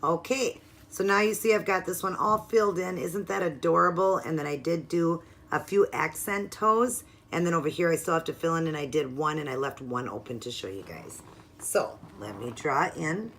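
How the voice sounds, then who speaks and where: A woman walking viewers through a nail art tutorial in a chatty, step-by-step way, sometimes murmuring softly while she works. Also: low-pitched, moderate pace. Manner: chatty, explains each step, drops into soft murmurs while working.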